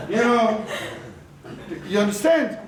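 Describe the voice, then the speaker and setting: Lively male business coach, higher voice, questions the room a lot, echoey room, heard from afar. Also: distant mic. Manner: lively, questioning the audience often; mixes in words of another language. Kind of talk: live coaching talk to a group.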